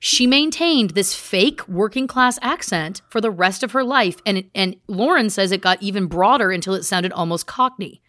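With a medium-pitched, expressive, fairly bright voice, a female podcast host chats through her research like a casual story, wandering into asides and restarting sentences. She talks at normal speed with few pauses, and the studio-quality recording has no echo.

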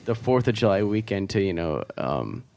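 A man's voice: sits low, very animated, normal speed, gravelly, a little mellow, dry recording. A man hosting a comedic podcast with brash, playful emcee banter. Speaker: podcast host.

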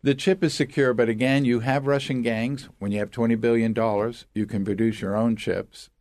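A man's voice: mid-range voice, fairly even intonation, normal speed, darkish tone, no room sound, clean studio sound. A man speaking as an expert guest, explaining things with step-by-step examples in an authoritative way. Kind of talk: explanatory interview talk.

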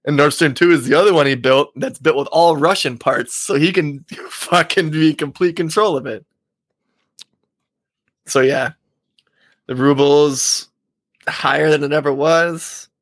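A man's voice: a little high, unhurried, pauses often, no room sound. Loose, profane man on a dry mic. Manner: loose, profane, laughs often. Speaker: podcast co-host. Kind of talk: casual chat.

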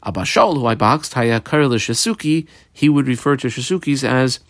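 A man's voice: medium pitch, animated, normal speed, fairly bright tone, dry recording. A man teaching a Talmud page in a casual, explaining way, translating Hebrew and Aramaic terms into plain English as he goes.

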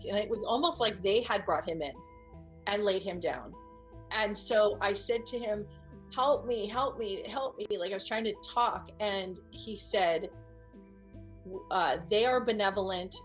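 Earnest woman telling her own story. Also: medium pitch. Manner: earnest and vivid, with halting restarts and repeated phrases. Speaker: speaker recounting a personal experience. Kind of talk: first-person storytelling to an audience.

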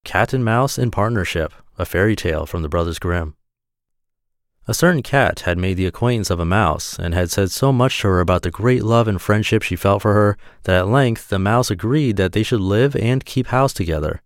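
A man with a low voice reads a fairy tale aloud as a podcast host, relaxed and friendly. The recording is very dry and close, with no room sound. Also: normal speed, no echo.

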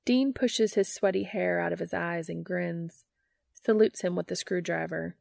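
A woman narrating an audiobook in an even, unhurried manner. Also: lowish voice, vocal fry, no echo, studio quality. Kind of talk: audiobook reading.

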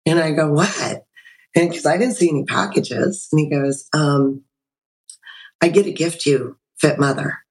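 Animated woman in her sixties telling her story. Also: sits low, unhurried, low-quality recording. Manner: animated storyteller, acts out quoted dialogue. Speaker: podcast guest. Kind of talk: personal story in an interview.

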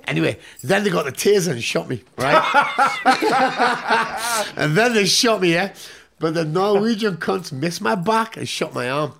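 Man, heavy vocal fry, slightly high voice, swearing, casual storytelling. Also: very animated, measured pace, sharp tone, a little hiss or hum. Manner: swears constantly, tags lines with "yeah?". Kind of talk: casual profane anecdote.

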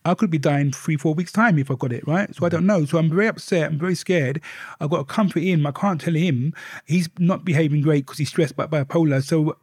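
A man speaking as a guest in a candid life-story interview, an animated storyteller who often repeats his words. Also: fairly high pitch, brisk, husky, no echo, clean studio sound.

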